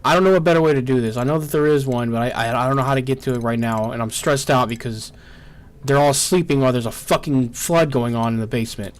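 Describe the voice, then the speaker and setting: A man giving live gameplay commentary, frustrated and swearing, firing off strings of "no" as things go wrong. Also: mid-range voice. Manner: frustrated, swearing, repeating "no" rapidly. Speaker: gameplay streamer.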